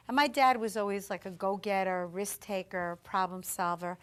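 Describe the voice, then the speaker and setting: A woman's voice: mid-range voice, fairly even intonation, clean tone. Female psychic show host, emotional storyteller, acts out the voices she quotes, mid-range voice, community TV studio. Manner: emotional, earnest, quick to act out quoted voices. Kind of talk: personal storytelling to a studio audience.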